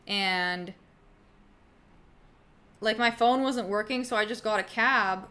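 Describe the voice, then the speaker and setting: A woman's voice: medium pitch, slow pace, sharp tone. A young woman streaming, chatting casually with viewers in a rambling way, with lots of fillers and casual swearing. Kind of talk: casual livestream chat answering viewers.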